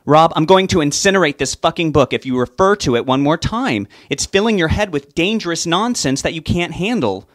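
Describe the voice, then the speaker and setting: A man's voice: a little high, big pitch swings, brisk, dry recording, studio quality, voice pushed up. A man reading aloud, raising his voice to play a worried, impatient young woman. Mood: pressing.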